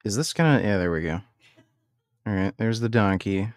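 A man streamer ranting in blunt, profane, scornful tones, with halting restarts when worked up. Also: lowish voice, lively intonation, no echo, clean studio sound. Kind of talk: reaction stream rant.

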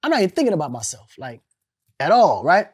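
A man in his forties, an interview guest telling animated stories, laughing and swearing casually. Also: a little high, fast talker, husky.

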